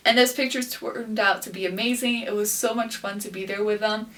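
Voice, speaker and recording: A young woman vlogger telling a personal story casually, acting out what people said with animated excitement. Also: medium pitch, fairly quick, far from the mic. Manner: animated, acts out quotes with breathless excitement. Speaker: beauty queen vlogger.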